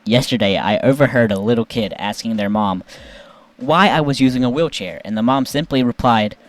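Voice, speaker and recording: A man reviewing memes in casual, playful commentary, with sudden jumps up in pitch when he reacts. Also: normal speed. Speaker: YouTube meme reviewer.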